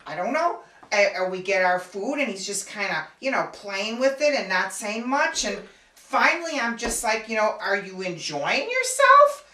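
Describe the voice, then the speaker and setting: A woman's voice: mid-range voice, sing-song, moderate pace, pushed and bright. An actress playing an elderly widowed mother who sighs and groans through her complaints in a comedy sketch. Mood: exasperated. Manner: sighing, groaning, exasperated storyteller. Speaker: comic character. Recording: echoey room, mic far off.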